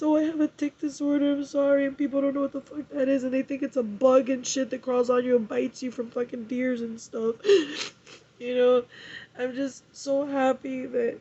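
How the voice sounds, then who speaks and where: Woman vlogger, tearful and halting, with a slightly high, mellow voice, swears freely. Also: husky, highs cut off. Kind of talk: emotional personal vlog.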